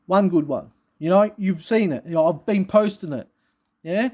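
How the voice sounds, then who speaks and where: A man talking straight to his viewers in a rambling monologue, swearing constantly, restarting his sentences, and swinging between low mutters and loud outbursts. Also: moderate pace. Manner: profane, intense and rambling, with frequent restarts. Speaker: vlogger.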